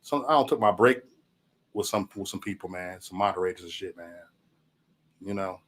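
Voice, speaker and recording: A man's voice: deep voice, moderate pace, fairly bright tone. A man hosting a casual livestream chat, rambling loosely, swearing, often saying "man" and chuckling between remarks. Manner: loose rambling talk, profanity, frequent "man". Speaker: livestream host.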